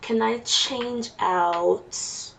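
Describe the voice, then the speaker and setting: Slow, gravelly woman gaming. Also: fairly high pitch, fairly bright tone. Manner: chatty, mutters to herself while playing. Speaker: let's play gamer. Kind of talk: casual gameplay commentary. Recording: distant mic with faint noise.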